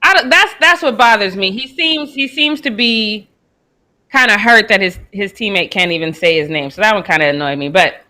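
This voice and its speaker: A woman's voice: medium pitch, animated, moderate pace, sharp tone. A woman from the United States hosting a live sports talk show, chatting casually and laughing as she reacts to clips. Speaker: host. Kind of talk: casual commentary on sports news.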